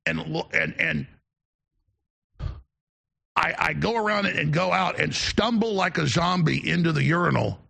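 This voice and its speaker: Male host, bright and forceful, slightly high, rambling storyteller. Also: animated, unhurried, vocal fry, long pauses, slightly rough. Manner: rambling, digressive anecdotes. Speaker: show host. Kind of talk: casual on-air storytelling.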